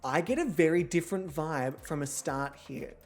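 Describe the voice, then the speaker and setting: A man's voice: fairly high pitch, normal speed, darkish tone, faint music behind. A young man hosting a model-show game, chatting casually in a campy, self-mocking way and swearing often. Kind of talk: casual gameplay commentary.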